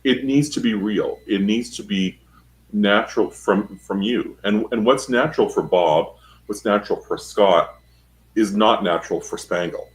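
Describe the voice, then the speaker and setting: A man's voice: fairly low pitch, unhurried, rough recording. A man speaking as a studio guest on a talk show, explaining speech emphatically with spoken examples. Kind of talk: instructive studio chat.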